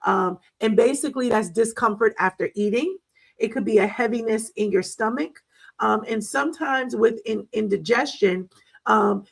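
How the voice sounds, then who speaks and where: Middle-aged woman, wellness talk host, chatty storytelling, gravelly, husky. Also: mid-range voice, low-quality recording. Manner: chatty, storytelling, laughs often, many fillers. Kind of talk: casual health talk.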